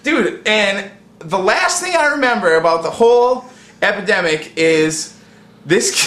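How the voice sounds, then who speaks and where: A man tells a rowdy story in a bright, sharp voice, cursing and saying "dude" again and again. His voice rings a little high for a man. The room around him is echoey. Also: measured pace. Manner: excitable, profane, says "dude" constantly. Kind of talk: casual storytelling.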